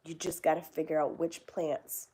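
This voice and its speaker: A woman's voice: sits low, level tone, normal speed, mellow, slightly rough. A young woman hosting a casual chat, rambling and swearing now and then. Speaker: host.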